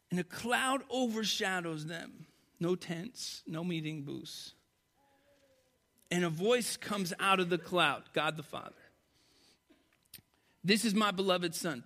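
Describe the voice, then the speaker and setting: A pastor preaching to a congregation from a church stage, swinging between loud, animated passages and hushed, quiet ones. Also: male voice, a little high, vocal fry. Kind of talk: sermon.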